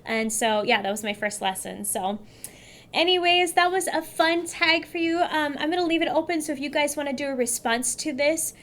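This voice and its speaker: A woman's voice: high voice, normal speed, fairly bright tone. Chatty woman vlogging. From California. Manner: chatty, upbeat, addresses viewers directly. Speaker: beauty vlogger. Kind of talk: casual chat to camera.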